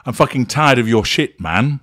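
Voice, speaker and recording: A man's voice: mid-range voice, normal speed, no echo, studio quality, close to an everyday voice. A man reading out the words of an angry, blaming male partner, in his own voice with little acting. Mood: reading quotes. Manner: read flatly, barely acted.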